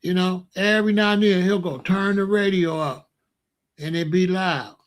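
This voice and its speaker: A middle-aged man tells stories in a casual, folksy way. He hosts an online show and often breaks into loud exclamations. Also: high-pitched, fairly even intonation, normal speed. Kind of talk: casual storytelling monologue.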